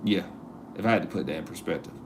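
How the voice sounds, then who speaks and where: A man's voice: low-pitched, fast talker, noisy background. A man hosting a casual live stream, joking with his viewers and laughing at himself as he talks. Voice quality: laid-back and joking, talks to chat. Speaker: livestream host.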